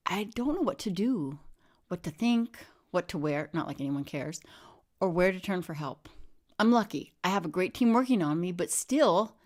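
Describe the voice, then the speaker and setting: Deadpan woman with whispered asides. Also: on the low side. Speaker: storyteller. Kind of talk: comic monologue narration.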